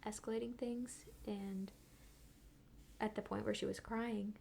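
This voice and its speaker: A woman, a midwifery student and podcast guest, telling a story in a casual, animated way and sometimes dropping to a whisper. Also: mid-range voice, measured pace, gravelly, a little hiss or hum. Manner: animated retelling, drops into whispers.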